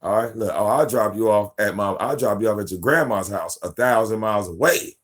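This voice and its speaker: A man in his forties, host of a live stream, telling casual stories about his daughter in a profane, animated way, acting out what people said. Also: on the low side, brisk. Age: 40s. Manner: profane, animated, acts out quotes. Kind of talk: casual storytelling.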